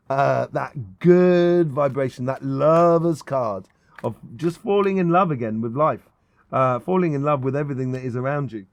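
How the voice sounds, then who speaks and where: A man's voice: medium pitch, darkish tone, no room sound, studio quality. A middle-aged man giving a casual tarot reading, enthusiastic and rambling, with many ums and restarts. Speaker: tarot reader.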